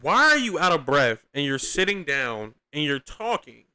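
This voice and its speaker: A man's voice: fairly high pitch, expressive, takes it slowly, pushed and bright, clean tone. A young man hosting a podcast, giving casual, profane, rambling reaction commentary with lots of slang and restarts. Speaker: podcast host reacting to clips.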